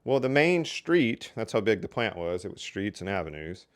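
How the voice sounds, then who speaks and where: An older man with a lowish, very animated voice tells casual stories from his working life at a normal speed. His storytelling is folksy and chatty, full of "so anyway" and "you know."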